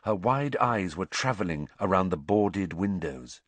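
A man with a low voice narrates a story with dramatic, expressive delivery, his pitch rising and falling widely. He is recorded close on a studio mic in a dry, dead room. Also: unhurried, few pauses, no room sound. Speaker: audiobook narrator. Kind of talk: scripted narration.

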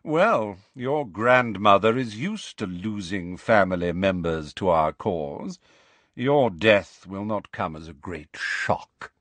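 A cold, aristocratic villain drawls and sneers with lazy contempt, as a male narrator voices him. His words come out slow and deliberate, with a dry, close sound and no room around them. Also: on the low side, animated, a bit bright, no echo, exaggerated voice. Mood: sneering.

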